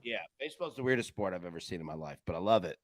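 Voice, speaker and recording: A man's voice: low-pitched, racing, dry recording. A man hosting a sports betting show, chatting casually in a loose, slangy way. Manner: animated, loose and slangy, lots of "man" and "dude".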